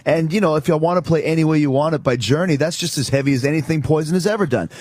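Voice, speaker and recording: A man guest on a radio talk show, telling stories in a profane, animated way. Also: a little high, fast, no room sound. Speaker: guest, wrestler and musician. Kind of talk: casual radio chat, storytelling.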